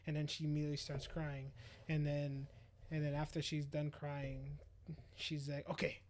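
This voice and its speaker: A young adult man co-hosting a podcast, excitedly retelling an episode in casual chat and slipping into quick paraphrased lines for the characters. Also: fairly high pitch, slight background noise. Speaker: podcast co-host.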